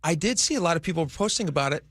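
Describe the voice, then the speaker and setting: A man's voice: fairly high pitch, animated, racing, fairly bright tone, dry recording, studio quality. A man co-hosting a radio talk show, chatting casually and rambling through restarted thoughts. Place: radio studio. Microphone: studio microphone.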